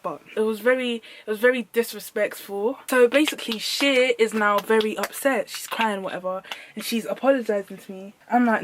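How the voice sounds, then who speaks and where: A young woman telling a storytime vlog, slangy and emphatic, repeating lines for effect. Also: mid-range voice. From United Kingdom. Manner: animated, slangy, emphatic repetition. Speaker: vlogger.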